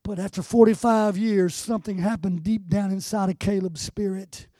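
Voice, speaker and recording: An older man delivers a sermon as a guest preacher in a high-pitched voice. His impassioned delivery swells to shouts and is close to tears, recorded dry. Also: fairly even intonation, normal speed, no echo.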